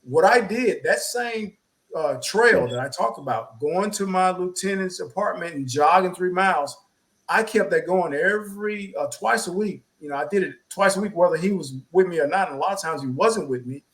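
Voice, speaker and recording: A man's voice: sits high, moderate pace, rough recording. A man with a somewhat raised, light voice tells a story in a loose, chatty way. He repeats himself as he goes and acts out what people said. He sounds like a co-host sharing experience with listeners. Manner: animated storyteller, repeats words, acts out quotes. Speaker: podcast co-host. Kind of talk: casual storytelling chat.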